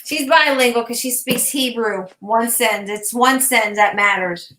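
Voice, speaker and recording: A woman's voice: fairly high pitch, normal speed, sharp tone, roomy sound, poor audio. A woman hosting a casual live craft chat, playful and teasing, laughing often. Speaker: host.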